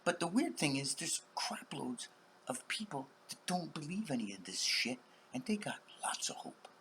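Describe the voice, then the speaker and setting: A man rambling on in a monologue, acting out other people's voices and swinging between loud outbursts and whispers. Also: fairly high pitch, big pitch swings, moderate pace, slight background noise. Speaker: channel host.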